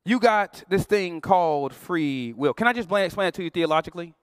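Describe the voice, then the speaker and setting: A man's voice: high-pitched, lively intonation, brisk, clean tone, dry recording, clean studio sound. A male pastor preaching a sermon in a playful, slangy, conversational way, acting out quoted voices.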